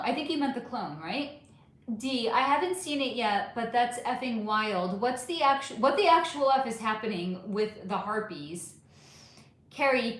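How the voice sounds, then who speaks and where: A woman hosting a casual livestream, chatting animatedly and answering viewer comments one by one. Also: on the high side. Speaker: livestream host reading chat. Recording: echoey room.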